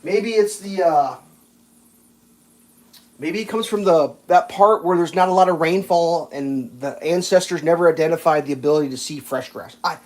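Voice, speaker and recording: A man's voice: a little high, moderate pace. A man hosting a live stream, casually telling a long, exasperated story in a rambling, profane way. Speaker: livestream host.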